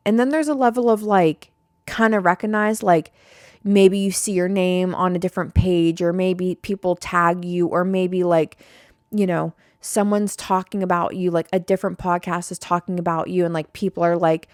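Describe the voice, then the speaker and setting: A woman's voice: fairly low pitch, fairly even intonation, normal speed, a little mellow, no room sound, studio quality. A young woman hosting a casual podcast, rambling and swearing freely as she vents to her listeners. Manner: rambling, profane, fired-up. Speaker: podcast host.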